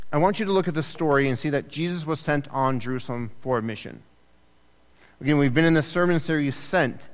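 A man delivers a sermon in a lively, chatty manner and briefly voices the people in his story. His voice sits at a middle pitch. The sound carries a long reverb, as in a large church hall. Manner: animated, acts out quoted voices, conversational asides. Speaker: pastor.

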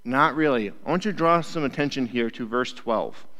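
A man preaching as a youth pastor, his mid-pitched voice trailing long reverb through a large hall. He talks in a casual, conversational way and keeps checking in with his listeners. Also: lively intonation, moderate pace, fairly bright tone. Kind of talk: casual sermon.

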